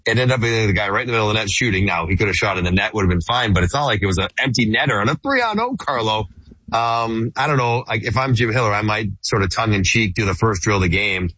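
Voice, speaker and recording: A middle-aged man, a hockey broadcaster, chatting casually on sports radio, animated and laughing easily with rambling restarts. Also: on the low side, fast, slightly rough, dry recording, muffled recording. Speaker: hockey play-by-play broadcaster guest.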